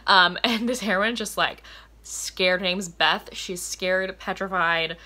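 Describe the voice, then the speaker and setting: A woman's voice: fairly low pitch, steady tone, slow pace, bright, forceful tone. A woman in a casual book vlog, chatty and enthusiastic, filling her talk with "like" and often laughing. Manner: chatty and enthusiastic, many "like" fillers, frequent laughter. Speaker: book reviewer.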